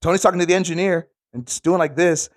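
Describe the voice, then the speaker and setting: High, fast-talking storyteller guy. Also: no room sound, studio quality. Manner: animated, swearing, laughing anecdotes. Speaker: band member. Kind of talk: casual storytelling.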